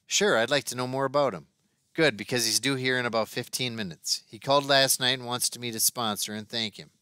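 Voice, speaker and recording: A man's voice: medium pitch, fairly even intonation, sharp tone, clear, resonant tone, dry recording, clean studio sound, natural voice. A man doing a careful, apologetic stockbroker. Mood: explaining. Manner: measured, apologetic explaining.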